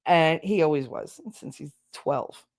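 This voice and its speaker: A woman's voice: low-pitched, unhurried. Blunt, profane middle-aged woman. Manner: blunt and profane, laughing through the tale. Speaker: podcast host. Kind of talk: casual storytelling.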